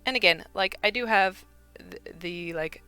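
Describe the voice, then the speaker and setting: Bright, chatty Midwestern streamer woman. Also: mid-range voice, a little slow, clear, resonant tone, soft background music. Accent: Midwestern American. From American Midwest. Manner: chatty and rambling, heavy on "like" and "you know". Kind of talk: casual live-stream chat while crafting.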